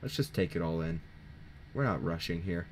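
A teenage boy casually commenting on his own gameplay into a desk mic, chatty and jokey, thinking out loud and poking fun at himself. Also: sits low, expressive, moderate pace, a little hiss or hum. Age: teens. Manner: chatty, jokey, self-mocking, thinking aloud. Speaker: gaming channel host. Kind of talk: casual let's-play commentary. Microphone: desk microphone.

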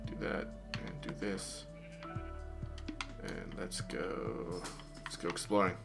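A man's voice: low voice, takes it slowly, gravelly, over music. A man casually commenting on his video game play, playful and chatty, talking to the animals in the game. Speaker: gamer.

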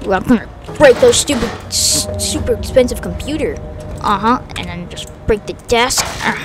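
A woman's voice: fairly high pitch, animated, moderate pace, natural voice. A woman voicing a sulky villain henchman. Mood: gleeful. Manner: sulky and mean, gleefully smashing things. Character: grumbling villain henchman serving a cruel master. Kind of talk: game machinima voice acting. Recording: background music under the voice.

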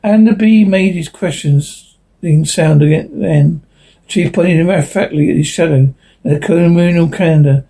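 A man's voice: a little high, normal speed, dark tone, husky, poor audio. A man reading a science fiction story aloud, stumbling and restarting now and then. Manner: unpolished reading with slips and restarts. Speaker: narrator.

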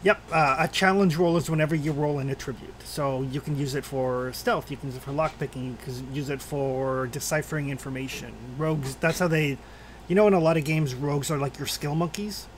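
A man's voice: a little high, slight background noise. Hesitant man running a tabletop game. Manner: halting, many fillers and restarts. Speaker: game master.

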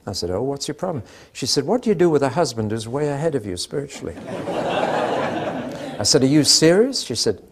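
A man's voice: mid-range voice, very animated, brisk, noisy background. An older man preaching a sermon, telling anecdotes with dry humour and acting out the dialogue.

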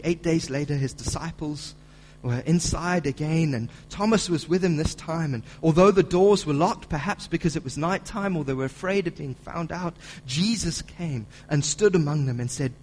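Guy pastor preaching in church, gets loud and forceful on scripture, slightly high voice. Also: normal speed, a little hiss or hum, rough recording. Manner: builds to loud emphatic preaching when reading scripture. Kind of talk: sermon. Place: church auditorium.

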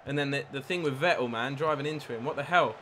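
A man live-streaming a football video game, commentating his own play, reacting loudly to chances and thanking new followers. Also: mid-range voice, fast talker, slight background noise. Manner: excitable, swears at the game, reads out followers. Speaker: gaming streamer. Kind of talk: live gameplay commentary with chat.

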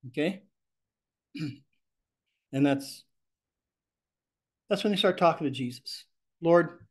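This fairly high-voiced man leads a ministry class at a normal pace broken by long pauses. His delivery is animated and expressive, and he recites the example prayers out loud as he goes.

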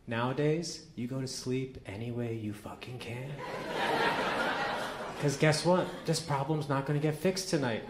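A male stand-up comedian telling a story in a dry, exasperated way, dropping low and quiet for asides. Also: a little slow, a little hiss or hum. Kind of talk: stand-up routine. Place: comedy club stage. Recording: roomy live club recording.

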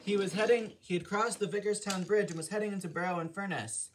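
High-voiced man narrating a storybook. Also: fast talker, slight background noise, poor audio. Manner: reading with restarts.

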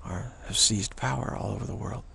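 A man's voice: on the low side, fairly quick, vocal fry, sharp tone, a little hiss or hum. A man giving an unscripted spiritual teaching outdoors, rambling and repetitive, often restarting his sentences.

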